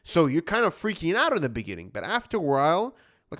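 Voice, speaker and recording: A man's voice: on the high side, wildly swooping pitch, quick pace, a bit bright. A man in his thirties, an anxiety coach, talking earnestly in a motivational monologue full of fillers and restarts. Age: 30s.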